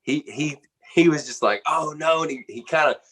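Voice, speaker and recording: A man, a band's drummer, telling a backstage story in an animated, casual way, full of "man" and "you know.". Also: mid-range voice, brisk, breathy edge. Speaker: band drummer interviewed.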